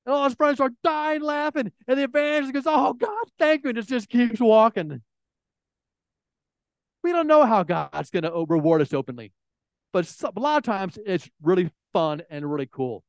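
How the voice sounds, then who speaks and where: A man preaches a sermon to a room full of listeners. His voice sits a little high, and he tells stories in an animated way, restarting his phrases as he goes. The recording is close and dry. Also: moderate pace, smooth, no room sound. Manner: animated storytelling with frequent restarts. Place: room with an audience.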